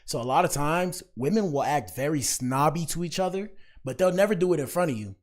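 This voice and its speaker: A man's voice: on the high side, lively intonation, brisk. Slangy podcast host man, preachy. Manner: slangy, preachy, repeats himself. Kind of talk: casual commentary monologue.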